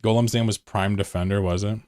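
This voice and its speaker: A man chatting casually on a live game stream, excitable and swearing freely as he answers chat between calls. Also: on the low side, fairly quick, no room sound, studio quality.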